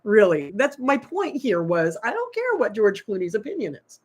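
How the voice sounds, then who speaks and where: A woman's voice: medium pitch, big pitch swings, normal speed, a little mellow, husky. Emphatic woman making her point. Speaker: co-host of political talk show. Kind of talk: casual political debate.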